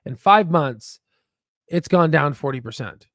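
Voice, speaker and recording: A man hosting a casual stock market video, rambling and excitable, with frequent profanity and restarts. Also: fairly high pitch, measured pace, no room sound, clean studio sound. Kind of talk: casual market commentary with screen share.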